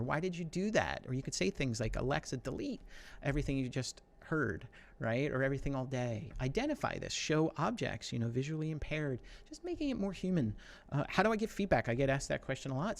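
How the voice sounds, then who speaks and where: A man's voice: mid-range voice, darkish tone. Chatty man giving a tech talk. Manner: conversational, filler-heavy, quick asides. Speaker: conference speaker.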